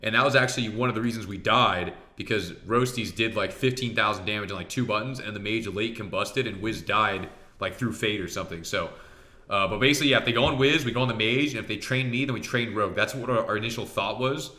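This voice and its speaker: A man giving a casual, excitable commentary on his own match, swearing freely and talking straight to his viewers. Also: fairly low pitch, fast talker. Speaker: professional arena player reviewing his match.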